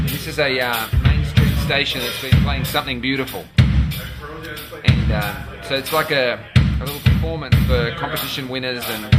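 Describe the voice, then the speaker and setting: A relaxed, chatty man records a video diary about his band's night. His voice sits at an ordinary pitch. Loud music plays behind him the whole time. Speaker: touring band member. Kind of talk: casual video diary to camera.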